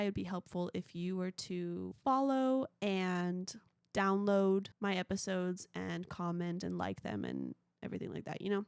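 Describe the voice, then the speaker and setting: A woman's voice: mid-range voice, gravelly, smooth, no echo, studio quality. A young woman hosting her own movie podcast, rambling casually and peppering her talk with "like.". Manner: chatty, rambling, frequent "like". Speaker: podcast host.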